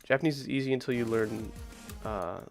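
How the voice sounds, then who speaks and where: A man's voice: mid-range voice, a little fast. Man in his thirties, casual livestream chatter, rambling with lots of fillers, faint music underneath. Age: 30s. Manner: rambling, many "like" fillers, reacts to chat mid-play. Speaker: streamer playing requested game levels. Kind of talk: casual livestream chat answering viewers.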